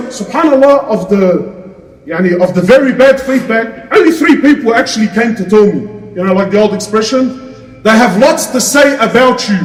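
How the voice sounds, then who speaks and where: A man preaching an Islamic lecture to a crowd, passionate and full of rhetorical questions. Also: very high-pitched. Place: lecture hall. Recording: echoey hall, distant mic.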